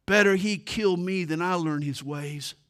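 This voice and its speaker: A man's voice: high voice, a little slow, a bit bright, smooth, pitched above the performer's own voice. A man reading scripture voices an earnest young male future king, speaking in a solemn, emphatic, declaring way. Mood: resolute.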